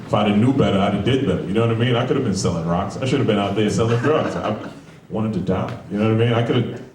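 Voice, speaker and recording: Speaking fast in a lowish, darkish voice, a forties stand-up from Brooklyn, New York, entertains a comedy club crowd with profane, chatty material and many rhetorical asides. The distant mic picks up echo, slight background noise and audience laughter.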